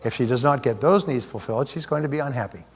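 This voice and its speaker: A man's voice: mid-range voice, fast, slightly rough. A man giving a live seminar talk as a motivational speaker, conversational, with plenty of rhetorical questions. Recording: long hall reverb.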